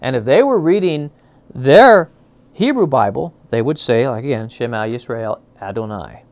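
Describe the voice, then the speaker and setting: A man's voice: a little high, very animated, moderate pace, darkish tone, dry recording. Man teaching a Bible class, dry sound. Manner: conversational, stops to check understanding with "okay?"; searches aloud for words, with fillers and restarts.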